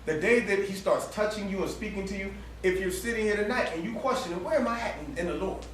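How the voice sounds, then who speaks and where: Animated preacher man, high voice, echoey hall. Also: quick pace, a little hiss or hum. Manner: animated, laughing storyteller with colloquial speech. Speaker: campus ministry preacher. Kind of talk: storytelling sermon. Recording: echoey room heard from far off.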